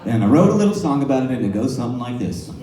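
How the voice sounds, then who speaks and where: A man's voice: medium pitch, very animated, very fast, a crowd in the background. A man telling a comic story on stage, laughing through his own punchlines. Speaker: stand-up comedian. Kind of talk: stand-up comedy storytelling. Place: live comedy venue. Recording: echoey room, heard from a distance.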